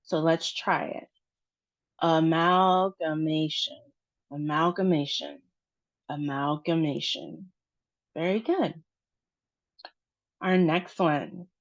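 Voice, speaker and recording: Slow, patient American woman teaching. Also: low-pitched. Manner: patient, spells out stress and syllables slowly. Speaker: pronunciation teacher. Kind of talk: slow pronunciation lesson. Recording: dull, dry, lo-fi sound.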